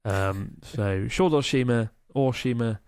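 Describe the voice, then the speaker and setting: A man's voice: mid-range voice, slow, darkish tone, smooth, dry recording. Chatty male podcast host, dry sound. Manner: chatty, enthusiastic, swears casually. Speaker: podcast co-host reading listener emails. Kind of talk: casual podcast chat.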